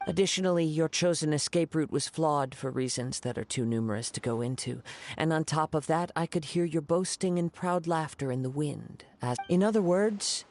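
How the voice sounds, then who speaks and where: Man voicing a calm poetic young swordsman. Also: a little high, faint music behind, close to an everyday voice. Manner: composed, measured, poetic.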